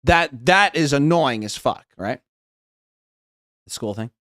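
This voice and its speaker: A man's voice: medium pitch, expressive, slow, a bit bright, no room sound, clean studio sound. An American man rehearsing stand-up on a live stream, rambling and self-mocking and starting his lines over again and again. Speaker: streamer trying out stand-up jokes.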